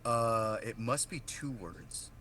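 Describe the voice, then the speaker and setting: A man's voice: mid-range voice, slow, sharp tone. A young man co-hosting a podcast in casual chat, rambling and hedging with many restarts. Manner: rambling, hedging, self-interrupting. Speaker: podcast co-host.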